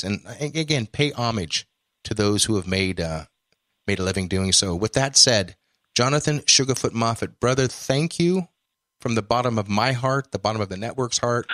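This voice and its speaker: A man's voice: on the low side, no room sound, studio quality. A man hosting a podcast interview, effusive and full of praise, calling his guest brother. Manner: effusive, warm-hearted praise, says brother. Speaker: podcast host.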